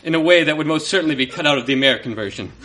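A man reading a comic story aloud to a live audience in a mock-dramatic storytelling manner, with pointed pauses. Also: on the high side, very noisy.

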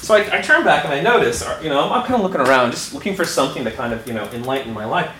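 Lively high-voiced man telling a story. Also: rapid-fire. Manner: animated, laughs often while telling, acts out his own quoted reactions. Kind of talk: personal story told live. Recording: echoey room with background noise.

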